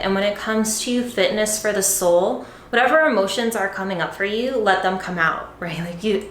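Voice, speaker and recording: This woman fitness coach has a mid-range, fairly bright voice, heard in an echoey room with a little hiss or hum. Addressing viewers directly in a casual vlog, she stays encouraging and repeats herself a lot, peppering her talk with "like" and ending lines with "right?"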